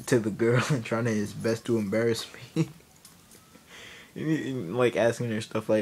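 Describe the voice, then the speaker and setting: A man's voice: medium pitch, fairly even intonation, moderate pace, a little mellow, slightly rough. A man telling a comic story, rambling and laughing, often cutting himself off mid-sentence. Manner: rambling, laughing, self-interrupting. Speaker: vlogger. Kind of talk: comedic storytelling.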